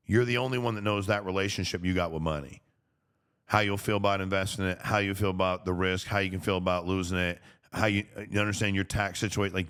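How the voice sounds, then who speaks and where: A man's voice: on the low side, fairly bright tone. A middle-aged man hosting a solo podcast, talking casually and plainly with slang. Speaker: podcast host.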